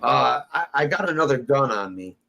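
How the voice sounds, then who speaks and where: A man's voice: mid-range voice, expressive, normal speed, gravelly, sharp tone, low-quality recording. A man telling a rambling, profane story in casual chat, acting out the dialogue he quotes. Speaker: storyteller guest.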